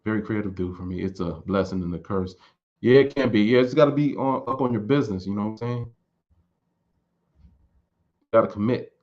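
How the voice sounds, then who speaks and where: A man in his late thirties chats loosely with his viewers. His voice sits a bit low, and he wanders and repeats words as he thinks. The recording sounds dull and lo-fi. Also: brisk, long pauses. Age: 30s. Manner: relaxed, rambling, repeats words while thinking. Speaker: streamer answering viewer questions. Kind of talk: casual chat.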